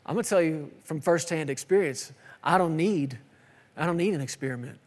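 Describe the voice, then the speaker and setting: A man's voice: on the high side, brisk. A man in his thirties preaching a sermon, emphatic and repetitive with playful asides. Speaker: pastor. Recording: long hall reverb.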